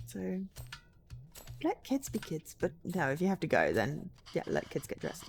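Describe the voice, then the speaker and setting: A woman chatting casually while streaming a game, animated and self-interrupting. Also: deep voice, measured pace, gravelly. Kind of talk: casual gameplay commentary. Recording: faint music behind.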